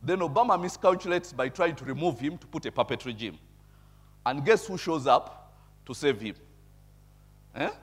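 A male preacher who moves between reading scripture and chatting through what it means. He keeps asking his listeners "eh?" and laughs softly at his own asides. Now and then his voice jumps up in loud, emphatic bursts. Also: fairly high pitch, animated, normal speed, pauses often, slightly rough. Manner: conversational, tags remarks with "eh?"; chuckles at his own points. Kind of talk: sermon with bible reading and commentary.

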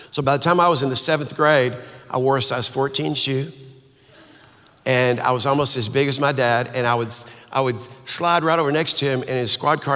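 A man, a speaker and author, telling a personal story in an earnest, halting way with frequent restarts. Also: mid-range voice, sharp tone, in a large hall.

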